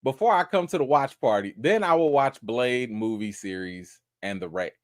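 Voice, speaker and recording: Broadcasting a live chat show from home, this host swings between loud, mock-outraged yelps and low mumbling, teasing in slangy bursts full of restarts. He talks at normal speed, and the recording is dry and close to the mic.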